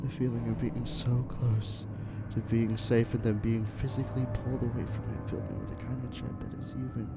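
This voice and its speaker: A man reads a first-person horror story at an ordinary mid pitch, earnest and a little halting as he restarts phrases. Clear music plays behind him throughout. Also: level tone. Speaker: narrator.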